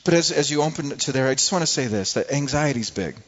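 A man's voice: medium pitch, animated, fast. A male pastor preaching a sermon in an earnest way, often repeating words as he searches for the next one. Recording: dull lo-fi recording.

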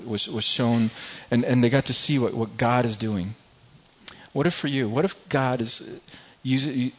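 Man, pastor preaching a sermon, earnest, stumbling restarts, mid-pitched, dull lo-fi sound. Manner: earnest, repeats words and restarts, quotes scripture. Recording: dull lo-fi recording.

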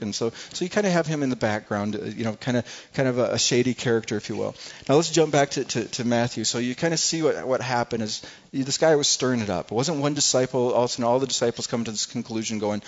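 A man's voice: mid-range voice, animated, fast talker, dull audio. A man preaching a sermon in a conversational way, often repeating words and acting out what people in the story said. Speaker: pastor.

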